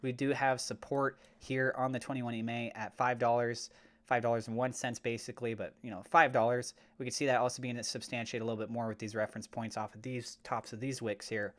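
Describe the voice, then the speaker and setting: A man hosting a crypto channel, talking through price levels on charts in a steady way, with fillers like uh. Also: medium pitch. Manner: mock-gushing and over the top when praising. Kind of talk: chart analysis commentary.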